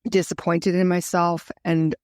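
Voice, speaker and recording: A woman's voice: lowish voice, flat delivery, a little slow, darkish tone, dry recording, clean studio sound. A woman guest telling her own story in an interview, earnest and reflective. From Canada. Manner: earnest, emotional, reflective retelling.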